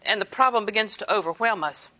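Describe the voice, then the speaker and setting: A woman's voice: mid-range voice, quick pace, pushed and bright. A woman preaching a sermon in a conversational way, chuckling and acting out quoted asides.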